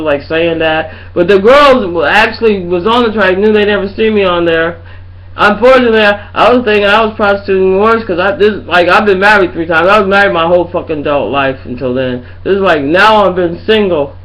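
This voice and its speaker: A woman's voice: mid-range voice, fairly bright tone, poor audio. Woman, middle-aged, casual webcam rant, rambling, profane, repeats herself. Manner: rambling and profane, keeps saying "you know what I'm saying".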